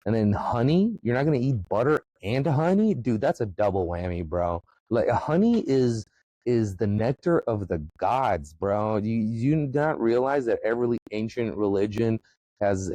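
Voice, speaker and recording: A man from the former Soviet Union, hosting a podcast and delivering a profane, emphatic comedic rant that often jumps into a high excited pitch. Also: no echo, low-quality recording. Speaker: podcast host.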